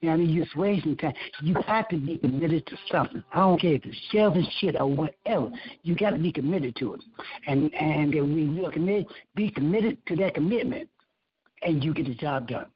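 Husky guy preaching life advice, cusses a lot, repeats himself, muffled lo-fi audio. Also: on the high side, a little fast. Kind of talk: casual motivational rant.

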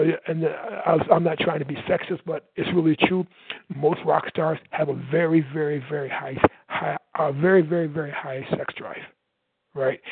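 A man from the United States gives an energetic motivational talk as a sales coach, loud and fast. His voice sits on the higher side and has a gravelly, husky edge. It comes through a dry, tinny, phone-like line. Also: dry recording. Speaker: sales coach and podcast host.

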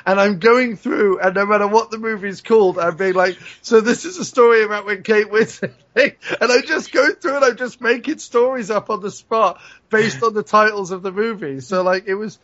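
A man's voice: high-pitched, normal speed, fairly bright tone, highs cut off. A man telling rambling, profane stories as a podcast co-host, laughing as he goes. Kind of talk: casual chat, storytelling.

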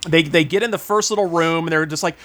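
A man hosting a podcast, chatting casually about a movie, animated and mocking, acting out lines from it. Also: fast talker. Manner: animated, mocking, acts out quotes in a high voice. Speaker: podcast host.

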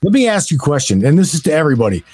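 Husky fired-up male call-in host. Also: fairly high pitch, big pitch swings, racing, a little mellow. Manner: fired-up, profane, stumbles over repeated words. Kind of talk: casual call-in chat.

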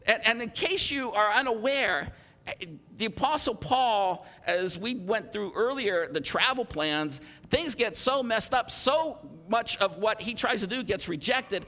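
A man preaching a sermon as pastor, his high, bright voice pressing each point with earnest emphasis. He slips into animated rhetorical quotes to drive things home. The voice rings out with a long reverb, as in a large church hall.

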